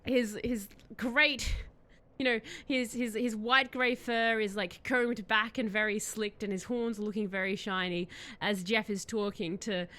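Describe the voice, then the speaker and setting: A woman's voice: mid-range voice, fairly even intonation, measured pace, sharp tone. A woman streamer chatting casually and telling a rambling story, giggling often.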